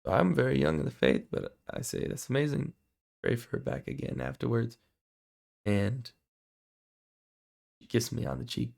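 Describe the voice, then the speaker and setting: Gravelly young man telling his testimony. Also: mid-range voice, normal speed, pauses often. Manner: earnest, excitable storytelling with fillers. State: voice going hoarse. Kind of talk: personal faith testimony.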